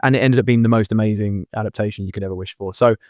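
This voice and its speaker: Man, low voice, podcast co-host, earnest, rambling, dry close mic. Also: racing, no room sound. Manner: earnest, rambling, many fillers and restarts. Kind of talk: casual chat.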